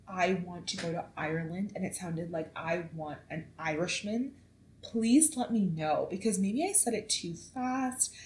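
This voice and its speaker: A woman in her twenties hosting a casual solo podcast, chatty and animated, swearing freely as she tells stories. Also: lowish voice, a little hiss or hum. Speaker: podcast host. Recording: echoey room.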